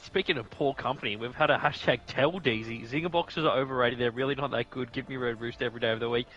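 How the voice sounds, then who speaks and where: A man's voice: mid-range voice, quick pace, a bit bright. Bantering Australian man commentating, muffled line. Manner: laughing, bantering, reads off the grid. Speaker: sim racing commentator. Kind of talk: casual live commentary.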